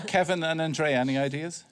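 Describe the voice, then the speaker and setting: Dry-witted Irish man hosting. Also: on the high side. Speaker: panel show host. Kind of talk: scripted quips between banter.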